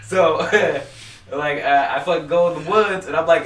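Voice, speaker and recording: Young man, casual storyteller, heavy swearing, bright voice, echoey room, distant mic. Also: a little high, a little slow. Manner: profane, rambling storytelling. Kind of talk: casual chat.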